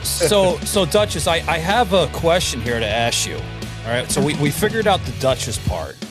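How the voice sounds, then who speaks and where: Lively New man, host. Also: a little high, moderate pace, over music. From Queens, New York. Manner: lively, joking storyteller. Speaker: podcast host. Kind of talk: casual chat.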